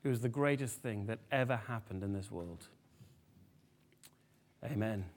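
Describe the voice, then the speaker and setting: A man preaching a sermon to a family congregation, lively and animated, often asking the room questions. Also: fairly low pitch, measured pace, a little hiss or hum.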